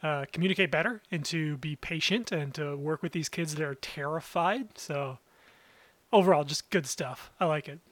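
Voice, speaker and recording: A man's voice: a little high, normal speed, fairly bright tone, no echo. A young man co-hosting a podcast, chatting casually and upbeat. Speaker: podcast co-host. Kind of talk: casual chat.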